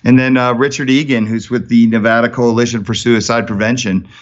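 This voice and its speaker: A man guesting on a podcast, telling stories in an energetic, animated way. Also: medium pitch, muffled recording. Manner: energetic storyteller, rapid and animated. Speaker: podcast guest, charity founder. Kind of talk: casual podcast conversation.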